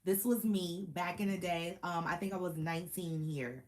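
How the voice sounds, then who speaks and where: A woman, chatting casually to camera about her Marine days, animated and full of slang and laughter. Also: fairly low pitch, moderate pace, background noise. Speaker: Marine veteran vlogger.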